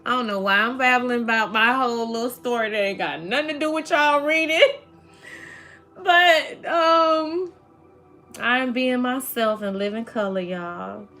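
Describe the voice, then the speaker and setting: Woman tarot reader, chatty livestream talk, slightly high voice, faint music behind. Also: unhurried, pushed and bright. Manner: chatty, laughs often, addresses viewers as y'all. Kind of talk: casual livestream chat.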